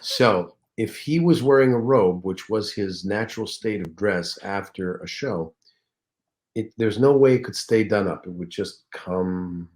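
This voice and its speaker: A comedian and voice actor, appearing as a guest in a casual interview, tells anecdotes with lively animation. His voice is on the low side, and he speaks unhurriedly.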